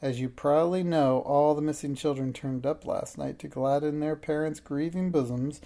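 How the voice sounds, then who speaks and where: A man's voice: fairly high pitch, steady tone, normal speed, warm tone, natural voice. A man reading aloud, voicing a self-important, nosy and cowardly townsman who blusters and mumbles. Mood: pompous. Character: pompous, nosy, cowardly middle-aged townsman.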